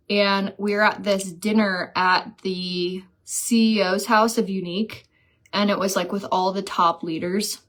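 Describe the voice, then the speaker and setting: A woman chatting casually during a live makeup stream, reading viewer comments aloud and telling stories. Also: mid-range voice. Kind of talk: casual live chat while doing makeup.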